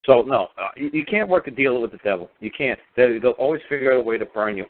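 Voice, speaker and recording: A man's voice: medium pitch, animated, fast. A man telling his story on talk radio, emphatic and intense, hammering points through repetition. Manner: emphatic, intense, repeats himself for force. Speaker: radio show guest speaker. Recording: tinny phone line.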